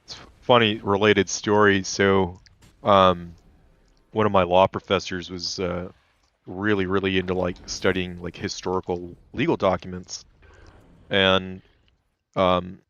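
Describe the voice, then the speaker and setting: A man's voice: sits low, flat delivery, measured pace, fairly bright tone, dry recording. A man who is a lawyer, chatting casually as a guest, telling rambling stories, swearing freely and laughing often. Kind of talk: casual chat. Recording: dull lo-fi dry voice line.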